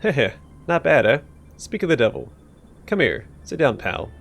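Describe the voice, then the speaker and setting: A man voicing an old male thief turned loan shark in a video game, talking in breezy slang that turns to threats. He pitches it a bit higher than his own voice and makes it lively, with a gravelly edge. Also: moderate pace, soft background music. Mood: swaggering.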